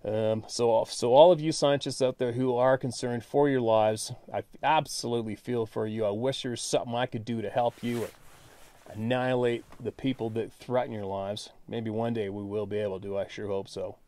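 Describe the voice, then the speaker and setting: A man's voice: medium pitch, fairly even intonation, normal speed, dark tone. A man hosting his own channel, talking straight to viewers in a blunt, frustrated way, with some swearing. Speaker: channel host. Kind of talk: casual monologue to viewers.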